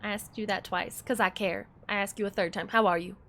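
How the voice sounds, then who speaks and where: A young woman streams a game and chats casually with her viewers, bubbly and swearing freely as she plays. Her voice is medium-pitched, brisk and a bit bright, with fairly even intonation and slight background noise.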